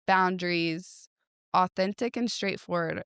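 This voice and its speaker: A woman hosting a podcast, speaking in a calm, measured way and softly affirming her guest. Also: on the low side, clear, resonant tone, dry recording, studio quality. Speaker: podcast host. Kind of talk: casual podcast conversation.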